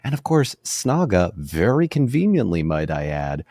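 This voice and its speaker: A man's voice: sits low, very animated, moderate pace, mellow, no room sound, clean studio sound. A man co-hosting a podcast in casual chat, making jokey, playful asides. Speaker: podcast co-host.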